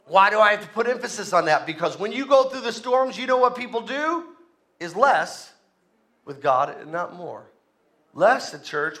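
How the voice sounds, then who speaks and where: A man's voice: sits high, big pitch swings, normal speed, pushed and bright. A male pastor preaching a sermon, with emphatic repetition and call-and-response to the congregation.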